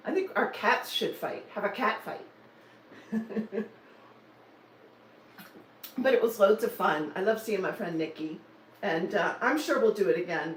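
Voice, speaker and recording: A woman in her sixties, a cross-stitch vlogger at home in Denver, chats casually and teasingly on a live stream, laughing often. Her voice is medium-pitched, with slight background noise. The mic sounds roomy and slightly distant, with faint ambience.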